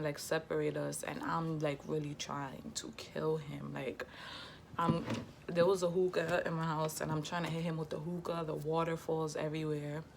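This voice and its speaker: A young woman telling a personal story on her vlog in a slangy, heated, lively way. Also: sits low, creaky, a little hiss or hum. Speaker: vlogger. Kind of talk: casual storytime.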